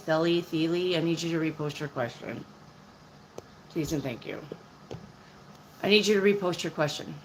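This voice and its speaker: Tarot reader, woman, 50s, low voice, blunt and chatty, faint background hiss. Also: moderate pace, pauses often, low-quality recording. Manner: blunt, chatty, answers questions from chat. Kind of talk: live-stream reading of viewer questions.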